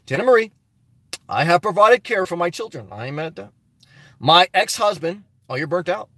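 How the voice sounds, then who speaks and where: A man's voice: high voice, lively intonation, moderate pace, a bit bright, no echo. A man hosting a livestream, reading viewer comments aloud in rambling, preachy talk and laughing often. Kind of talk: casual live chat.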